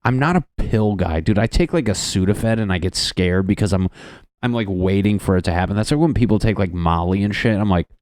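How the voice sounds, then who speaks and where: A young man with a lowish, darkish voice hosts a solo comedy podcast, close on the mic with no room sound. He rambles, swears, and laughs at his own jokes.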